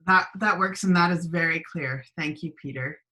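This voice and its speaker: Bright-voiced woman hosting a webinar. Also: low voice, normal speed. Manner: conversational, searching for words. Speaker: host. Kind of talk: hosting an online interview. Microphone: video call.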